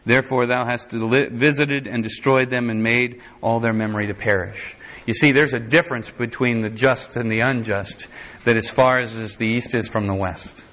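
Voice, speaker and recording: A Bible teacher with a steady, slightly bright mid-range voice and moderate pace works through scripture verse by verse. He reads the King James text aloud and then explains it plainly, with frequent restarts and self-corrections. The recording sounds dull and lo-fi.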